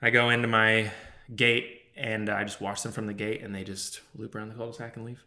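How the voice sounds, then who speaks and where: A young man co-hosting a podcast, telling an animated story with acted-out quotes and frequent swearing. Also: fairly low pitch, fairly quick. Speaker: podcast co-host. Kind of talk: casual chat, storytelling.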